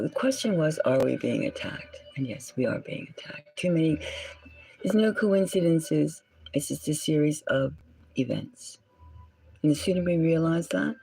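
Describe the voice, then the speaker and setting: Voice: mid-range voice, vocal fry, warm tone, breathy edge, dry recording, poor audio. A tarot reader and channel host giving a solo reading in a musing way, often dropping into a whisper and stopping to correct words.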